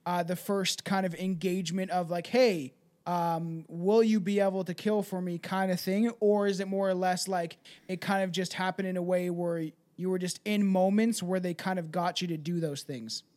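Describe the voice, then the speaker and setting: A man hosting a dark comedy podcast, asking long, rambling questions full of fillers. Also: sits high, steady tone, normal speed, few pauses. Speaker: podcast host.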